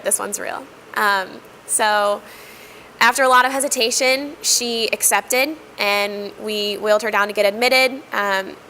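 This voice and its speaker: A woman sharing a personal testimony in an earnest, reflective way, with frequent pauses and fillers. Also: medium pitch, bright, forceful tone, slight background noise, poor audio. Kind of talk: heartfelt personal storytelling.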